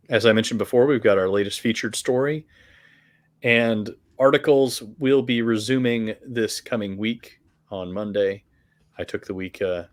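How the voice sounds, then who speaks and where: A man on a podcast calmly explaining updates for his story website, with frequent fillers. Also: fairly low pitch. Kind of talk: casual chat.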